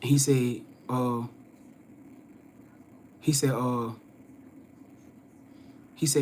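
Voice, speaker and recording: A young man tells a story to his viewers in a relaxed, conversational way, acting out the voices of the people in it. His voice sits at a middle pitch and moves between loud, lively moments and low, hushed ones. Faint noise sits under the recording. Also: measured pace, long pauses. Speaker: spiritual reader and host. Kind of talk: casual storytelling to a live audience.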